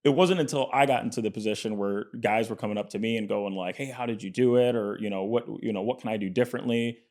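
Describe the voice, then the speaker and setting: A man's voice: fairly low pitch, fast talker. A man being interviewed as a business guest in casual chat, telling stories with lots of fillers and acted-out quotes. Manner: animated storyteller, acts out quotes; frequent fillers and restarts. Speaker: podcast guest, entrepreneur.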